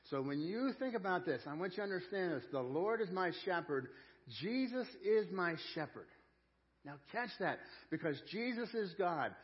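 Earnest preacher man, lo-fi audio. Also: sits high. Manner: earnest, reads scripture slowly, repeats phrases for emphasis. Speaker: pastor. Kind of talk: sermon.

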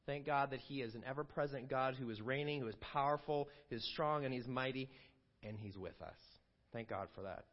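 A man's voice: medium pitch, fairly quick. A man preaching a sermon in a conversational way, with fillers and asides to the congregation. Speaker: pastor. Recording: dull lo-fi sound.

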